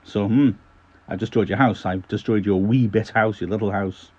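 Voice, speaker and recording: A man's voice: fairly low pitch, steady tone, normal speed, highs cut off. A male teacher giving a classroom lesson on a poem, explaining informally and often restarting his sentences.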